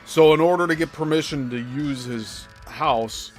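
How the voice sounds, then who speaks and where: A man's voice: fairly high pitch, a little slow, faint music behind. A man hosting a show, giving critical, explanatory commentary on a script. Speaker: host.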